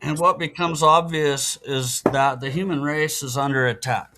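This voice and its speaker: With slight background noise, a middle-aged man on a podcast speaks in a bright, forceful voice on the high side, keeping a steady tone at normal speed. He's a guest in a casual interview, earnestly explaining things matter-of-factly.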